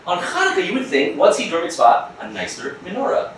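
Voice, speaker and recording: A rabbi giving a lively, joking class at a school, acting out quick voices of other people as he teaches. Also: high-pitched, recorded from a distance, slight background noise. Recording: echoey room, mic from afar.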